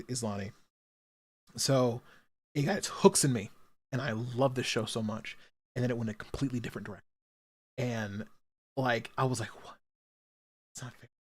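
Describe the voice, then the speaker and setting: Rambling excitable young man streaming. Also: mid-range voice. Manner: animated, rambling, with many fillers and restarts, bursting loud when excited. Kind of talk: casual live-stream chat.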